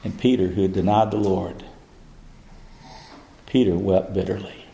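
A man preaching a sermon, building to fervent, high-pitched climaxes. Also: fairly even intonation, a little slow, creaky, mellow, a little hiss or hum. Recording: echoey hall.

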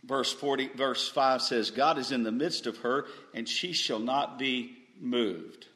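A man preaching a sermon, rising to loud emphatic peaks and dropping to quiet asides, often stammering and restarting. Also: medium pitch, measured pace. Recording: echoey room.

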